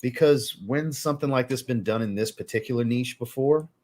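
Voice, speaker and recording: A man's voice: medium pitch, a little fast. A man talking casually on a livestream about fragrance, a boastful storyteller. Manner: boastful, animated storyteller who acts out quotes. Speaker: fragrance reviewer, guest on a livestream.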